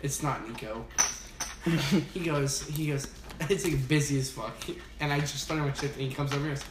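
A man's voice: mid-range voice, moderate pace, far from the mic, background noise. A young man jokingly telling a story about a coworker during a poker game. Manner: joking, laughing storyteller, loud when excited. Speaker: podcast co-host. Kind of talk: casual group chat over poker. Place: room with friends at a poker table. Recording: echoey room with loud music.

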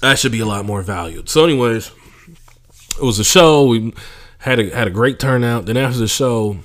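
A man's voice: mid-range voice, normal speed. A young adult man hosting a podcast, telling comedy stories in a casual, profane way and mocking people he imitates. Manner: profane, animated storytelling with mocking impressions. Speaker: podcast host, stand-up comedian. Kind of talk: casual monologue.

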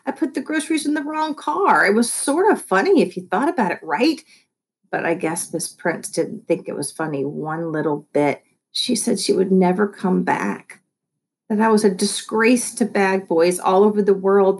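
A woman reads a children's novel aloud in the first person. Her telling is lively and comic, with a playful touch on the jokes. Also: medium pitch. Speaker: audiobook narrator. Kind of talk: scripted narration of a children's novel.

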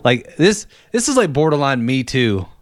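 A man's voice: medium pitch, sing-song, moderate pace, dry recording, studio quality. A young man telling a story about an old job, blunt and swearing, in casual podcast chat. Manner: blunt, profane, conversational.

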